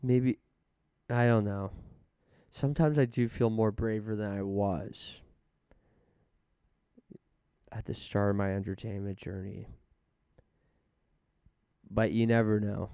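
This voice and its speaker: Man, solo podcast host, low smooth voice, rambling jokey monologue, dry close sound. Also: fairly even intonation, unhurried, long pauses, dark tone, dry recording. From Canada. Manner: rambling, joking, self-mocking asides.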